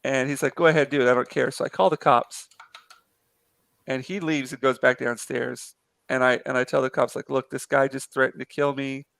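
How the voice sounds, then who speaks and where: Casual male streamer, gravelly edge, dry close mic, rambling storyteller. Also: medium pitch, fairly even intonation, normal speed, a bit bright, dry recording. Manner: rambling with many fillers and restarts. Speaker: live-stream artist chatting with a viewer. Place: apartment in a city.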